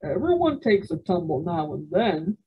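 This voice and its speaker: A woman voicing a stern, skeptical frontier father who speaks slowly. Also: lowish voice, sing-song, slightly rough, lo-fi sound, heavily acted. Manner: slow, clipped, stern.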